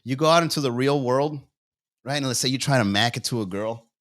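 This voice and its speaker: This is a man hosting a loose comedy livestream, rambling from bit to bit with plenty of swearing. He chuckles at his own jokes and talks straight to the viewers in chat, in a voice of ordinary middle pitch for a man. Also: brisk, a bit bright. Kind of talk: casual livestream banter.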